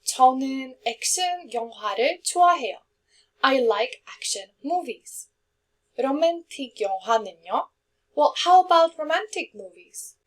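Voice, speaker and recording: A woman's voice: high voice, lively intonation. A woman teaching a language lesson, explaining grammar patiently with example sentences and checking in with her listeners. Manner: clear, patient, checks in with "okay?" and "yeah?"; reads example sentences quickly, translates slowly.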